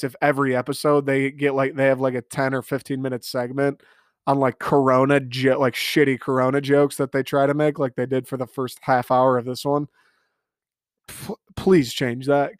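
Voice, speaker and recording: A man's voice: mid-range voice, no room sound. Profane man ranting on a dry mic. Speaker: podcast host. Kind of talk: casual solo podcast rant. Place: home family room, alone.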